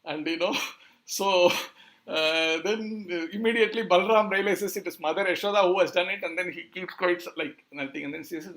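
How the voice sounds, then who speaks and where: Male preacher, fairly high voice, halting delivery with many fillers. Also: a bit bright. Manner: hesitant, many fillers, searching for words. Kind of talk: scripture storytelling talk.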